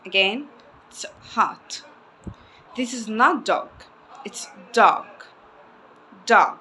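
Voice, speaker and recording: A woman English teacher giving a phonics lesson, slowly repeating each word twice and stretching the vowels. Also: medium pitch, animated, sharp tone, slight background noise.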